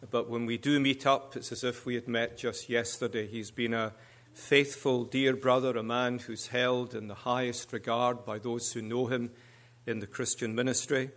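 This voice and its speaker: A man preaching as a guest minister, speaking in measured, deliberate short phrases. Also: mid-range voice, a bit bright. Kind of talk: sermon.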